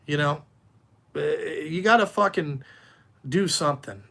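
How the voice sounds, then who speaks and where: The owner of a dump truck business fires back at viewers' comments on a livestream, his fairly high voice bright and forceful with vocal fry. The rant is blunt and heavily profane, and he often repeats himself and restarts haltingly.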